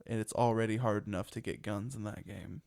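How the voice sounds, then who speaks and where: A man's voice: lowish voice, steady tone, fairly quick, gravelly, a little mellow. A young man co-hosting a casual podcast, talking in a rambling, chatty way and laughing often. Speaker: podcast co-host.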